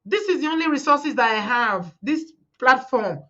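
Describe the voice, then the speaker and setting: A middle-aged Nigerian woman hosts a live community stream, speaking fervently to her viewers, repeating words and quoting the people she talks about. Her voice sits high and animated at a moderate pace, pushed and bright. The sound is lo-fi.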